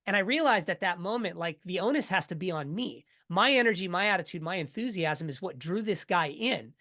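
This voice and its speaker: A middle-aged man, a podcast guest, telling his story in a casual, energetic way and acting out what others said. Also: high voice, brisk. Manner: energetic, animated storyteller who acts out quotes.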